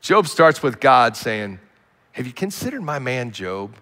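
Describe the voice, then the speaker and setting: A man preaching a sermon as a pastor, telling stories with animated emphasis and quiet asides. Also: mid-range voice, a little slow. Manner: animated storytelling, swinging between loud emphasis and quiet asides. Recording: long hall reverb.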